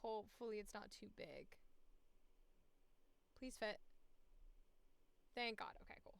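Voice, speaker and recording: A woman's voice: medium pitch, slow pace, gravelly, smooth, no room sound. A young woman voice actor streaming casually, profane and self-mocking, muttering to herself at a close mic. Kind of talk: casual live-stream chat.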